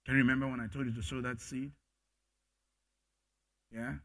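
A man voicing God as a gentle father, speaking softly and low. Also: level tone, normal speed, no echo, lightly acted. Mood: tender. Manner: soft, low and hushed.

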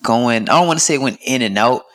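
Young male podcast co-host, Southern US twang, laid-back and blunt, mid-pitched. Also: fast, fairly bright tone. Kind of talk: casual chat.

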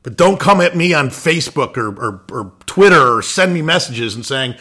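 A man's voice: medium pitch, lively intonation, normal speed, few pauses, sharp tone, breathy edge. A man hosting a lacrosse show, ranting bluntly with swearing and restarts, irritated. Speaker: lacrosse podcast host. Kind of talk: opinion rant.

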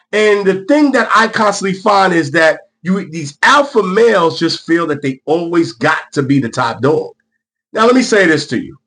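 A middle-aged man giving a casual motivational talk, emphatic and animated, laughing often and repeating himself for emphasis. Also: on the high side.

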